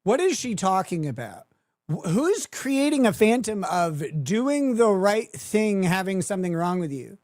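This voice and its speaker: A man's voice: high-pitched, sing-song, unhurried, darkish tone, no room sound, studio quality. A man hosting a livestream, giving crude, mocking commentary and laughing at his own jokes. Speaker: livestream host.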